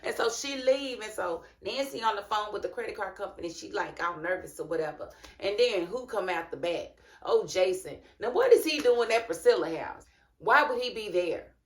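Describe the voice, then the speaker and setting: A woman's voice: mid-range voice, expressive, moderate pace, echoey room. Chatty woman recapping a TV episode. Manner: chatty, colloquial, talks straight to viewers as "honey" and "y'all". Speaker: TV episode reviewer, channel host. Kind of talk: casual recap and review vlog.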